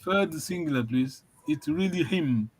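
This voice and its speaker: A man's voice: on the high side, expressive, a little slow, slight background noise, low-quality recording. Encouraging man teaching a language online. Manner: encouraging, repeats words, laughs often. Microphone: video call.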